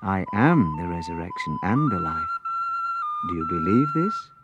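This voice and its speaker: A man as calm, gentle Jesus. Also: deep voice, measured pace, dull audio, loud music behind the voice.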